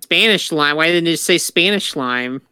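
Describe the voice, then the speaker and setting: A man co-hosting a casual podcast chat, joking deadpan and answering in quick one-word verdicts. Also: on the high side, smooth, no room sound. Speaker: podcast co-host.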